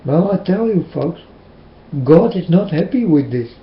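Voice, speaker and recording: Man, Dutch accent, casual preaching, earnest and halting, slightly high voice, echoey room, muffled lo-fi sound. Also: very animated. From Netherlands. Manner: earnest, halting, asks questions again and again. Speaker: religious vlogger.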